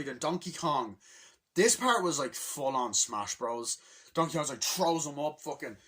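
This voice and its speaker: A young man excitedly recapping a movie in a rambling, casual way, swearing often and bursting into acted-out lines from the scenes. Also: medium pitch, normal speed. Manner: rambling, swears a lot, acts out scenes with shouted voices. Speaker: movie reviewer.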